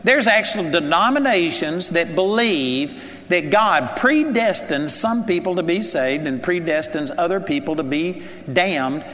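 Man, preacher, high voice, conversational sermon, rhetorical questions, reverberant hall. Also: a bit bright.

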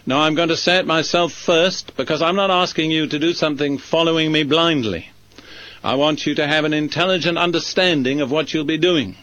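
A male preacher delivering a sermon and leading a prayer, speaking slowly and deliberately, phrase by phrase. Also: a little high, fairly bright tone, no echo, muffled recording. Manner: slow, measured, deliberate phrasing.

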